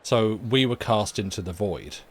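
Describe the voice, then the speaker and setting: A man with a lowish voice hosts a casual live stream. He rambles through technical explanations, pausing on fillers as he talks to chat. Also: expressive, breathy edge. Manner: rambling, explains tech mishaps with many fillers. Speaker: streamer and host.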